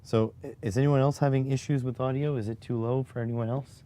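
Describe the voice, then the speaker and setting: Mid-range and mellow, his steady voice runs a little fast. He hosts a casual live stream while writing code, his voice fading as he mutters to himself between replies to chat. Sound comes from a clip-on mic near his chest.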